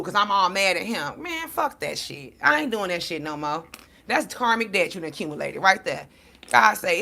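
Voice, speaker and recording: A woman's voice: fairly low pitch, normal speed, vocal fry. A woman giving a casual livestream talk as a spiritual reader, blunt and profane, preaching to her viewers. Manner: animated storytelling to viewers.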